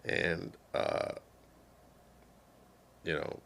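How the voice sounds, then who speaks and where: A man's voice: extremely slow, a bit bright. An older man from the United States who is feeling unwell, giving rambling, sarcastic political commentary with lots of fillers on a live stream.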